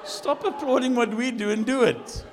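A man, a lead pastor, preaching in a church, jokey and animated, jumping from shouts to quiet asides. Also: very high-pitched, moderate pace, big-room sound, a crowd in the background, noisy background. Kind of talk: sermon. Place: church hall.

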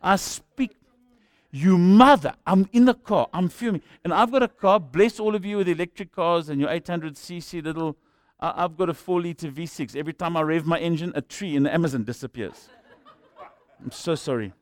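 Middle-aged male preacher, fairly high voice, dry close sound, hushed storytelling building to shouts. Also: a little fast, dry recording. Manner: storytelling, swings from quiet to shouting. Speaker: pastor. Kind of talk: sermon.

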